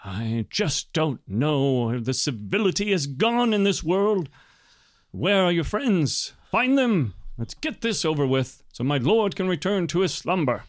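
A man's voice: on the high side, very animated, unhurried, dry recording, pitched above the performer's own voice. A man voicing an angry, loyal guard sergeant who scolds indignantly. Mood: grudging. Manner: indignant, shouting.

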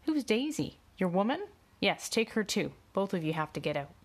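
A woman's voice: medium pitch, big pitch swings, moderate pace. A woman voicing a dismissive male official in a suit who speaks curtly and scoffs. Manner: curt, scoffing.

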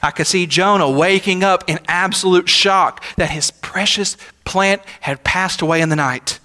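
A man's voice: sits high, normal speed, pushed and bright. A young adult man, a senior pastor, preaching a sermon in a conversational, emphatic way with rhetorical asides. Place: church sanctuary. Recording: long hall reverb of a church sanctuary.

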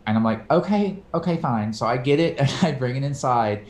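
A man telling a story in casual podcast chat, animated and swearing casually, acting out quoted voices. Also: medium pitch, fairly quick, echoey room. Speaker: podcast co-host.

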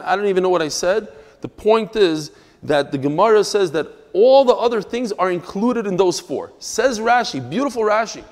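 A male rabbi gives a lively class, slipping from storytelling into textual explanation with emphatic asides. His voice sits somewhat high for a man, and a long reverb trails his words as though he is in a hall. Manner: animated, emphatic, with quick asides. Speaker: rabbi teaching a daily Talmud class.

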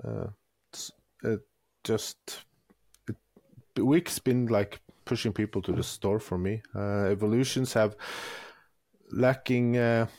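A man's voice: lowish voice, steady tone, slow pace, pauses often, a little mellow, no echo. A man co-hosting a casual podcast chat, talking hesitantly and searching for his words. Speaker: podcast co-host.

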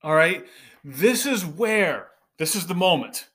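A man's voice: high-pitched, lively intonation, slow, fairly bright tone, husky. A middle-aged man hosting a podcast, speaking earnestly to fundraisers in a preachy monologue that keeps checking in with "right?". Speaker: podcast host.

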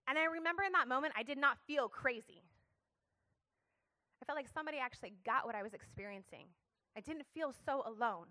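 A woman's voice: high voice, lively intonation, a little fast, bright, forceful tone. A young adult woman giving a passionate, emphatic sermon-style talk to a church audience, calling for responses. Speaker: speaker sharing her story at church.

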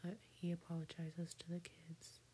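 A woman slowly retelling a cartoon story in a soft whispered role-play. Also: fairly low pitch, monotone. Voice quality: breathy whisper.

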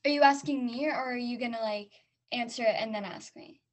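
A woman's voice: fairly high pitch, brisk. A woman co-hosting a podcast in casual chat, hesitant and self-conscious, often trailing off. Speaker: podcast co-host.

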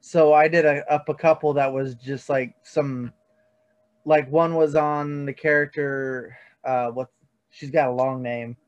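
Rambling man, slightly higher voice. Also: fairly even intonation, a little slow, clean tone. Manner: loose, rambling, many fillers. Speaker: podcast host. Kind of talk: casual chat. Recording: dull lo-fi sound.

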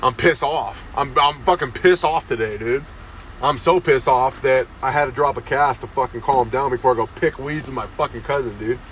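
Into a phone pressed near his face, a young man rants crudely outdoors for his comedy podcast, repeating "dude" constantly, with parked cars around him in town. His mid-range voice is a bit bright and moves at normal speed. Faint street noise is audible.

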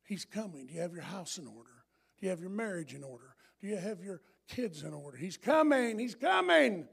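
Emphatic high-voiced middle-aged preacher. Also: male voice, very animated, a little fast, vocal fry, slightly rough. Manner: emphatic, repetitive, swings from hushed to loud. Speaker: pastor. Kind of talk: sermon.

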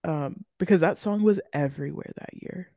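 A woman's voice: low voice, moderate pace, dark tone, dry recording, clean studio sound. A woman co-hosting a podcast in casual chat, giggly and laughing often. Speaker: podcast co-host.

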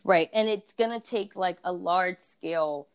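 Chatty woman telling stories, lively. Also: fairly low pitch, unhurried, smooth. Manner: animated storytelling, acts out others' voices. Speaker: beauty reviewer and blogger. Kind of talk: casual conversation.

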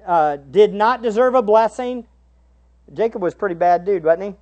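A man preaching a sermon as pastor, shifting between hushed asides and raised, emphatic questions to the congregation. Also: high-pitched, expressive, normal speed, muffled recording. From United States. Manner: rhetorical tag questions to the congregation.

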